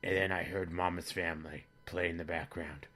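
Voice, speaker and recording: A man with a very low voice and a bright, forceful tone delivers a comic monologue as a father character. He rambles through it in a flat, matter-of-fact deadpan. He keeps a dry, plain delivery throughout. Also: fairly quick. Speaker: comedy vlogger in character as a father.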